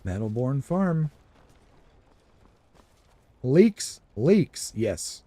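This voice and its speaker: A man's voice: medium pitch, sing-song, very slow, dark tone. A man giving casual, rambling commentary while streaming a video game. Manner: chatty, rambling, explanatory. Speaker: gaming streamer.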